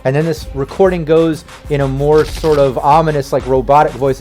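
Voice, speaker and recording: A man's voice: on the high side, fairly even intonation, brisk, hardly any pauses, a little mellow, faint music behind. A man running a tabletop game as game master, narrating in a rambling way with many fillers and restarts.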